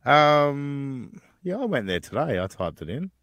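A man's voice: mid-range voice, big pitch swings, measured pace, fairly bright tone, dry recording. A man co-hosting a casual podcast, talking bluntly and jokingly. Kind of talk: casual chat.

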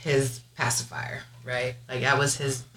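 A woman tells stories on a casual podcast with lively, animated energy, breaking into laughs and putting on voices. Her tone is bright and forward. She is recorded in an echoey room with a faint hiss behind her. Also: rumbling low, unhurried. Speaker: guest mom.

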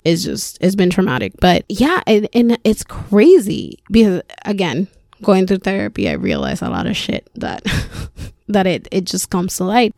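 A woman's voice: mid-range voice, creaky, no room sound, clean studio sound. A young woman hosting a podcast, candidly telling personal stories with frequent swearing and laughter. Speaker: podcast host.

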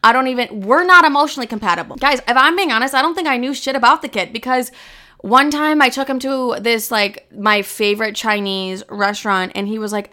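Podcast host, woman in her twenties; bright, slightly high voice; blunt, animated storyteller. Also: fairly quick. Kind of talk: candid casual monologue.

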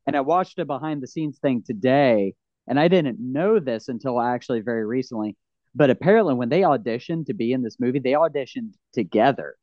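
A man's voice: mid-range voice, expressive, a little fast, dry recording, muffled recording. A man casually and enthusiastically retelling film scenes, rambling with restarts.

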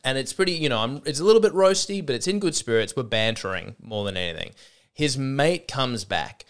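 On his podcast, a young male comedian tells a story from the stage in a loose, lively, foul-mouthed way, frequently impersonating the people he quotes. His mid-range voice is clear and resonant, and he talks fairly quickly.

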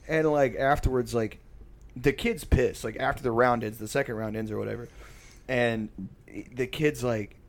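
A man's voice: medium pitch, fairly even intonation, normal speed. A man telling a casual, rambling story full of filler words and profanity.

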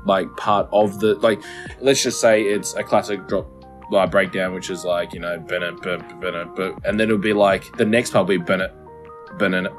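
A low-pitched man, co-hosting a podcast in a loose, rambling way, swearing freely and poking fun at himself. His voice sits a little deeper than most men's, and faint music plays behind him. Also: fairly even intonation, moderate pace. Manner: rambling, sweary, self-mocking. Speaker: podcast co-host. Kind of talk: casual chat.

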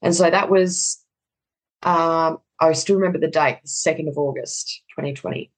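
A woman's voice: sits low, normal speed, low-quality recording. A middle-aged woman telling a personal story in conversation, candid and casually swearing, acting out the dialogue.

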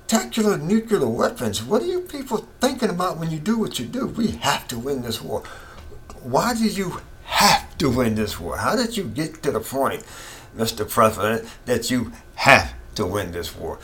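A man's voice: medium pitch, sing-song, moderate pace, fairly bright tone. A middle-aged man giving an impassioned, repetitive opinion monologue as a political commentator. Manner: impassioned, ranting, repeats himself.

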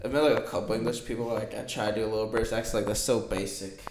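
A man's voice: on the low side, fairly even intonation, racing. A young man co-hosting a casual podcast chat, rambling with many fillers. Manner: rambling, filler-heavy talker. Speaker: podcast co-host. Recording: echoey room with background noise.

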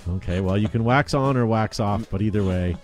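A man's voice: fairly low pitch, a little fast, a little mellow, soft background music. A man hosting a casual chat show, talking in an upbeat, rambling way with plenty of fillers. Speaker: podcast host.

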